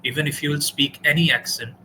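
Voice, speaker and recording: A man's voice: a little high, fairly even intonation, fast talker, bright, forceful tone, slight background noise, low-quality recording. Indian man giving frank English feedback. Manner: direct, corrective, explanatory. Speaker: English tutor. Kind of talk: spoken English practice session with feedback.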